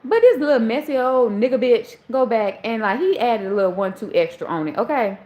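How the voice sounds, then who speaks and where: Southern woman from charleston on a live stream, kinda high voice, swoops all over when she quotes people. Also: a little fast, dull audio. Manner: animated, acts out quoted dialogue in a high voice. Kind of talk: casual storytelling to viewers.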